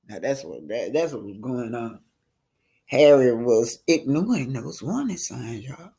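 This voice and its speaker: Woman, book club read-aloud, dramatic asides, lively pitch, unhurried. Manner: dramatic, voices characters, asides to listeners. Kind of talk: reading a novel aloud with commentary.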